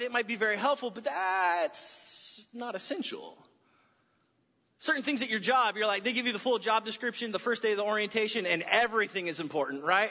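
Male pastor, high and bright, animated storyteller; muffled recording in a reverberant church hall. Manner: animated storytelling, acts out voices. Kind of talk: sermon with personal story. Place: church auditorium.

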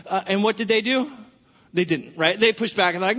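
A man preaches in a church sanctuary in a high, bright, pointed voice. He tells stories playfully and breaks in with jokes. The sound carries a long hall reverb and comes across slightly dull and lo-fi. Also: fast. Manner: animated storytelling, humorous asides. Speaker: pastor. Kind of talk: sermon.

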